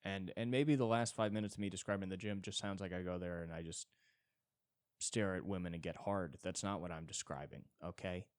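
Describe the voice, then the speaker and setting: A man's voice: brisk, smooth, no room sound, clean studio sound. A man hosting his own podcast alone, telling crude, self-deprecating stories in a rambling comedic monologue. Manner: animated, jumps between high and low tones. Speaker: solo podcast host. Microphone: podcast mic.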